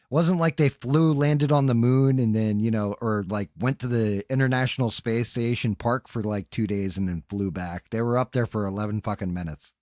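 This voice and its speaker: A man's voice: on the low side, normal speed, hardly any pauses, darkish tone, no echo. Guy hosting a stream, swears a lot, loose joking banter, dry close mic. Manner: loose, profane banter with the live chat. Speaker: podcast host. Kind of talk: casual livestream chat.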